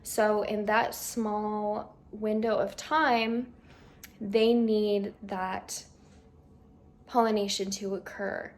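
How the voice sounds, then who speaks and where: A woman's voice: mid-range voice, little pitch movement, drawn-out words. A young woman narrating a casual gardening vlog in a chatty, slightly unsure way, with fillers and small laughs, partly recorded outdoors in her garden. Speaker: gardening vlogger.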